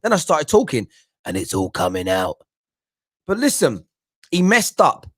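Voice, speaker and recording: A man's voice: mid-range voice, wildly swooping pitch, measured pace, fairly bright tone. A young adult man hosting a live football fan talk show, ranting in a blunt, slangy and fired-up way.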